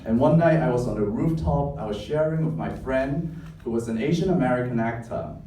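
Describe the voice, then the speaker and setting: A man's voice: mid-range voice, fairly quick, dark tone, a little hiss or hum. Hong kong guy doing live stage storytelling, wry and self-mocking, echoey from far off. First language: Cantonese. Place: club stage before an audience. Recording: echoey stage sound from a distance.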